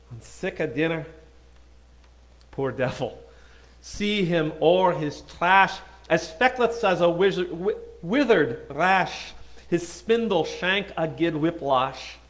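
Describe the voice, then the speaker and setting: A man at a church hall concert reciting an old Scots poem in a put-on Scottish accent, declaiming theatrically with swells of emphasis. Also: high voice.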